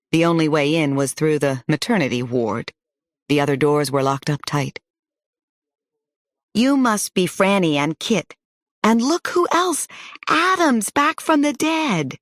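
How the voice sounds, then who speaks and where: A woman narrating a novel in the first person with steady storytelling. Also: sits low, dry recording, studio quality. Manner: steady storytelling, rising to shouts in dialogue. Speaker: audiobook narrator.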